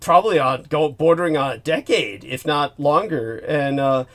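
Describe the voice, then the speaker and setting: A man's voice: a little high, moderate pace. Rambling talk-show host man. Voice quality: rambling, many restarts. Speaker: podcast host. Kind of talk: casual chat.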